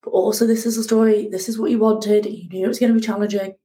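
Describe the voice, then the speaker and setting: A woman, a guest telling her ocean rowing story in a lively conversational way. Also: medium pitch, fast talker, low-quality recording. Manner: animated, acts out shouting at the sea.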